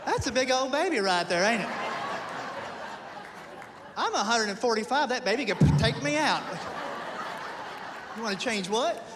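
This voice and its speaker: High-voiced self-deprecating stand-up man. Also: moderate pace, pauses often, a crowd in the background. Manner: self-deprecating, animated storytelling. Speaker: stand-up comedian. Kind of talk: stand-up comedy. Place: theater stage with a live audience. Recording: long hall reverb, faint noise.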